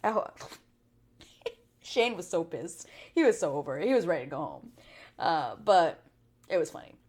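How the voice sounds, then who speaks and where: Woman, casual recap vlog, lower pitch, chatty, blunt, lots of fillers. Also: big pitch swings, measured pace, a little mellow. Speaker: TV recap channel host.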